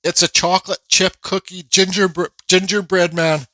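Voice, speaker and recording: A bright, somewhat high-voiced man rambles casually through his workshop vlog, full of fillers and restarts. He says he feels unwell, and his voice is recorded close and dry with no room sound. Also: flat delivery, normal speed, no room sound, poor audio. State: feeling unwell. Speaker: woodcarving channel host.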